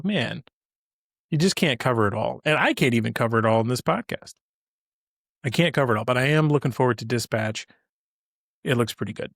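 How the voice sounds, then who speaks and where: A man's voice: mid-range voice, animated, fairly quick, gravelly, pauses often, fairly bright tone, dry recording, clean studio sound. A man hosting his own podcast alone, chatting casually and rambling with many fillers and restarts. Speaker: podcast host. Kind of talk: solo podcast chat.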